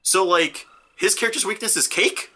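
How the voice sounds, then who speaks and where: Casting: energetic male co-host, high bright voice, swears, acts out the scenes he retells. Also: moderate pace. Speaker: co-host of a movie review show. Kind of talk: casual movie review banter.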